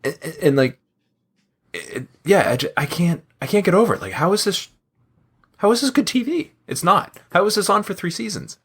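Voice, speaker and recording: A man's voice: high-pitched, very animated, moderate pace, fairly bright tone, husky. A man co-hosting a comedy podcast, ranting in exasperation and laughing between points. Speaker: podcast co-host. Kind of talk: casual comedic chat.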